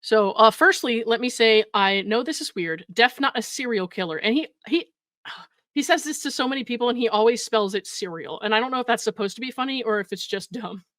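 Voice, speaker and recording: A woman with a higher voice hosts a reaction commentary in a blunt, sarcastic way, laughing between remarks. Her voice sounds close and dry. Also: a little fast, a bit bright, no echo. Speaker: commentary host.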